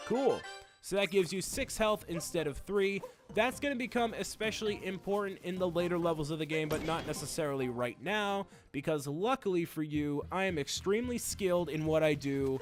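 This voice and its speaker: A man hosting a video game playthrough, rambling through jokey, self-mocking commentary. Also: a little high. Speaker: host.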